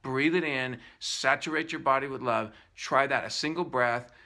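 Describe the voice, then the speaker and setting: A man's voice: medium pitch, moderate pace, sharp tone. A man teaching guided breathing in an earnest, emphatic and faith-filled way. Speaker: wellness teacher.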